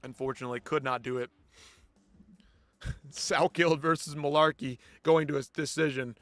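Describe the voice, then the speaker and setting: A man's voice: on the high side, steady tone, normal speed, a bit bright, no room sound. A man hosting a live post-fight show, ranting bluntly and with heavy swearing. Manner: blunt, profane, exasperated ranting. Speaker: host.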